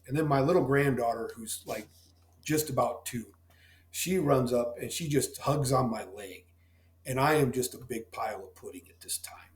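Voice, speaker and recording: Man, middle-aged, plainspoken farmer, heartfelt interview storytelling, mid-pitched, echoey room. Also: normal speed. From Missouri. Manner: plainspoken and folksy. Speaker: dairy farmer guest. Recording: roomy echo.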